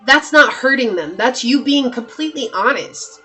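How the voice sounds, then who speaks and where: A woman's voice: fairly high pitch, animated, normal speed, pushed and bright, slightly rough, faint music behind. A woman giving a pick-a-card tarot reading, talking straight to her viewers with lots of emphatic repetition. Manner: emphatic, repeats herself, talks straight to viewers. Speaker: tarot reader.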